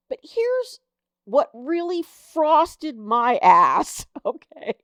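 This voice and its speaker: A woman's voice: on the high side, very animated, very slow, a bit bright, no echo, studio quality. A woman hosting her own political commentary show, reading headlines aloud and reacting with indignant, exasperated disbelief. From United States.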